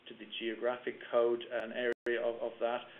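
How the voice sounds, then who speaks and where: A man's voice: medium pitch, completely flat delivery, normal speed, a little hiss or hum. A man giving a business webinar presentation, talking through slides with fillers and restarts. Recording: tinny phone-line webinar audio.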